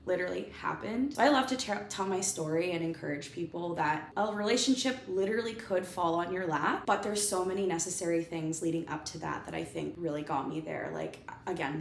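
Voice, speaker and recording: A woman telling a personal story in a casual chat, animated and often laughing. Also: on the low side, gravelly, slight background noise. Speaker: guest. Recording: echoey room, faint background ambience.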